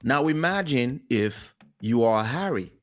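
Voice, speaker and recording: A man hosts a casual talk show and tells his stories in a lively, swooping voice. He acts out what other people said along the way. His first language is French. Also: mid-range voice, a little slow. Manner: animated storyteller, acts out quotes. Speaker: host.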